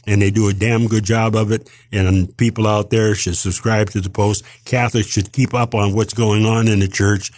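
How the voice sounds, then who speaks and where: A man's voice: on the low side, darkish tone. An older man delivering a heated, rambling opinion monologue as a podcast co-host, emphatic and indignant, with frequent restarts.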